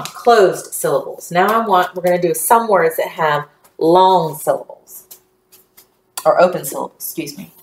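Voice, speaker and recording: A woman teaching a recorded phonics lesson to young children, speaking slowly and clearly and praising answers. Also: on the low side, roomy sound.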